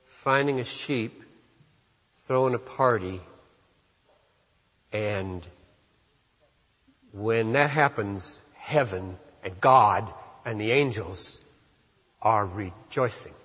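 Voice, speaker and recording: A man preaching a sermon as pastor, moving from hushed, slow reflection to loud, emphatic passages. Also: lowish voice, husky. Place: church sanctuary. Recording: dull reverberant church hall.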